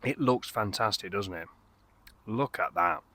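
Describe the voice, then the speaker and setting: Rambling enthusiastic man, bright voice. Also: lowish voice, measured pace, dry recording. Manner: rambling, enthusiastic, lots of fillers and restarts. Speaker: beer reviewer. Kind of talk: casual beer review vlog. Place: outdoors in a garden.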